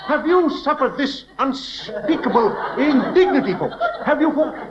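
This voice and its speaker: Brash high-voiced man selling junk. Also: expressive, a little slow, reverberant, noisy background. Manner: brash salesman patter, repeats "folks". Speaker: mock advert announcer. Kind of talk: 1960s TV sketch comedy.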